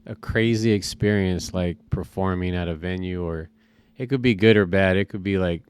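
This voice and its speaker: A man's voice: deep voice, moderate pace, darkish tone, smooth. A man hosting a podcast who asks loose, casual questions with many fillers. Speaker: podcast host.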